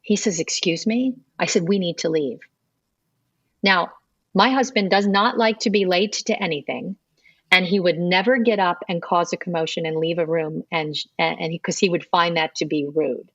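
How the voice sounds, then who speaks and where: A woman's voice: on the low side, normal speed, no echo, lo-fi sound. A middle-aged woman, a podcast guest, telling her conversion story in earnest and acting out remembered dialogue. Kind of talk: personal storytelling interview.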